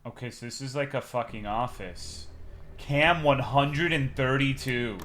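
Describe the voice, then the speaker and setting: A man streaming a game, talking casually in a rambling, profane, excitable way, swinging from loud bursts to mumbled asides. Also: mid-range voice, unhurried, slight background noise. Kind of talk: casual live-stream gameplay commentary.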